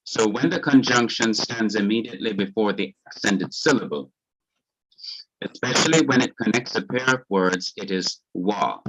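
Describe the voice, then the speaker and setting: A man with a Jamaican accent teaching a Hebrew grammar class, explaining each point slowly, patiently and carefully. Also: on the low side, expressive, fairly bright tone, rough recording.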